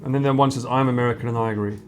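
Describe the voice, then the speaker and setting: Very low-voiced woman host, teasing. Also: fairly even intonation, racing. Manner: teasing, laughs a lot. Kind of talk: casual chat.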